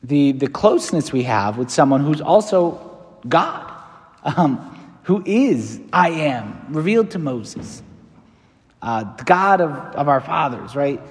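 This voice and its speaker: A man's voice: a little high, animated, takes it slowly, big-room sound. A man preaching a meditation as a priest, conversational and repetitive, with many fillers. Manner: conversational, repeats phrases, many fillers like "like" and "right".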